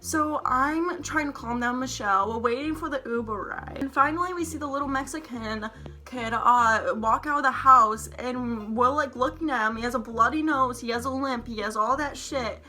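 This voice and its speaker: A woman's voice: high voice, moderate pace, bright, forceful tone. A young woman vlogger telling a heated storytime, rambling, swearing often and saying "like" a lot. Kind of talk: storytime vlog to camera.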